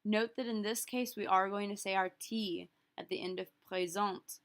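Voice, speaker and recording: A woman teaching a recorded French lesson, explaining phrases in a casual, friendly way and slowly repeating each one word by word for pronunciation. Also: medium pitch, steady tone.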